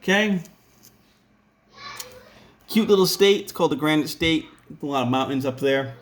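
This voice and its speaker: A man's voice: on the high side, moderate pace. A man with a Rhode Island accent teaching a casual classroom lesson, chatty and full of joking asides.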